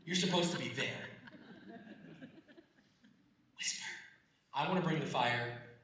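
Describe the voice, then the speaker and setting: A man preaching a sermon, swinging from loud, lively storytelling to soft, hushed asides and joking with the congregation. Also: slow, very echoey, far from the mic, low-quality recording. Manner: dramatic shifts between booming and near-whisper; humorous, asks congregation for response. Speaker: pastor. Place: church sanctuary.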